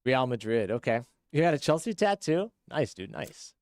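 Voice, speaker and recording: A man streaming a game live, chatting with viewers and reacting excitedly as he plays. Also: mid-range voice, normal speed, no room sound. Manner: chatty, reads chat, excitable. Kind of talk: live gameplay commentary.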